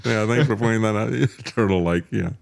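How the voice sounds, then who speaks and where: Brief: middle-aged male commentary host, lowish voice, wry and sardonic, filler-heavy delivery into a studio mic. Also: brisk, vocal fry, a little mellow. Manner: sardonic, chuckling asides, frequent "uh" fillers. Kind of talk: political commentary show.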